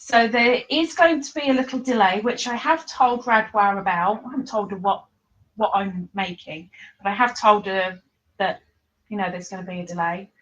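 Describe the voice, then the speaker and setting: A woman's voice: medium pitch, normal speed, fairly bright tone, dull audio. A woman hosting a casual live stream from her living room, chatting, reading viewer comments aloud and laughing often.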